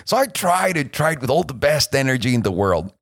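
A young man co-hosting a podcast, chatting casually and telling animated stories with acted-out quotes. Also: mid-range voice, brisk, no room sound. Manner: storytelling, animated, acts out quotes in a raised voice. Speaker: podcast co-host. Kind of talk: casual chat.

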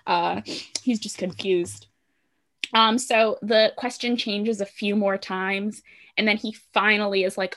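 A woman's voice: mid-range voice, normal speed. Chatty woman recapping a show. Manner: chatty, relaxed retelling with filler words. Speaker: podcast co-host recapping a show. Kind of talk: casual chat.

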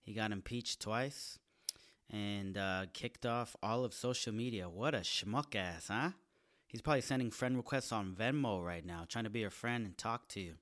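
Male comedian, solo podcast monologue: hyped, profane, self-mocking, bright forward tone. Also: on the low side, normal speed. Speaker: stand-up comedian and podcast host. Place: small studio apartment, indoors.

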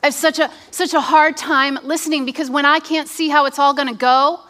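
A woman's voice: high voice, steady tone, a little fast, bright, forceful tone. A woman pastor sharing earnestly in a sermon, telling her story with frequent restarts.

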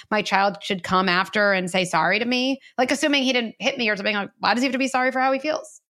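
A woman's voice: on the high side, a bit bright. A woman guest explaining parenting ideas in an earnest, conversational way, with frequent "like" and "you know". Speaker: guest, parenting expert and author. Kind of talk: conversational interview.

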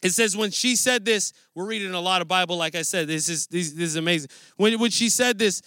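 A man's voice: sits high, brisk, pushed and bright, clear, resonant tone, no room sound, clean studio sound. A man preaching a sermon in a conversational, earnest way, often restarting his phrases. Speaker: pastor.

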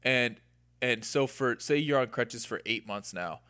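A man talks in an earnest, explanatory way, working through extended scenarios to make a point. His voice sits in a middle register, and the recording is close and dry with no room sound. It has the relaxed feel of a casual podcast conversation. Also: mid-range voice, a little slow, clear, resonant tone, no room sound. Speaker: podcast co-host.

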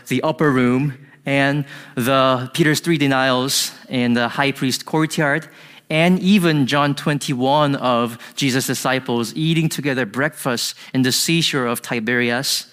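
A man's voice: medium pitch, fairly even intonation, measured pace, a bit bright, clean tone. A man giving an earnest, emphatic sermon to a congregation, with slightly non-native phrasing. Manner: earnest, emphatic teaching with rising intensity on quotes. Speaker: pastor. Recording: long hall reverb.

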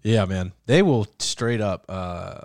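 Male co-host, joking and cursing, very lively delivery, dry close sound. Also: fairly low pitch, takes it slowly, creaky, no echo. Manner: profane, animated, jokey. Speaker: podcast co-host. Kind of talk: casual chat.

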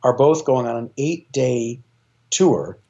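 A choir director appearing as a guest in a casual interview talks with eager, animated enthusiasm, slowly rambling through his thoughts with frequent fillers and self-corrections. His medium-pitched voice is mellow and dark, and the recording sounds dull and lo-fi.

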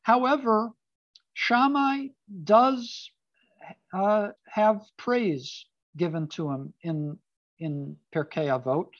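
Preacher for a relaxed Torah talk, chatty with wry asides, mid-pitched, muffled and dry recording. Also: slow pace, no echo. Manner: conversational, with casual asides and fillers. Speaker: speaker giving a Torah talk. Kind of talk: informal sermon on a Jewish text.

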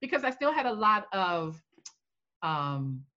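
Woman coach, animated storyteller, lively pitch, dull lo-fi sound. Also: slow pace. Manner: animated storyteller, acts out quoted voices with big pitch jumps. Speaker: coach and founder. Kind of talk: podcast interview storytelling.

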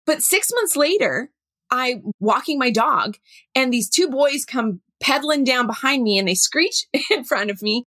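A middle-aged woman, a workshop facilitator telling a story with animated, acted-out dialogue. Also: high-pitched, a little slow, no room sound. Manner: animated, acts out dialogue in her stories. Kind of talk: storytelling talk.

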